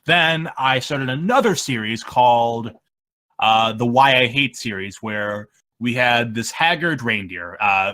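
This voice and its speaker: Bright-voiced rambling young man. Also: mid-range voice. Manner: rambling and halting, trailing off mid-sentence. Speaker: machinima creator, interview guest. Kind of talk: casual interview chat.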